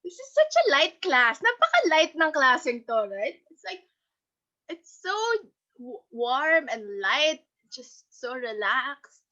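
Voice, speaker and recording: A Filipino woman teaching an online class, cheerful and animated, laughing often and mixing in Tagalog. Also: sits high, takes it slowly. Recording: dull lo-fi call audio.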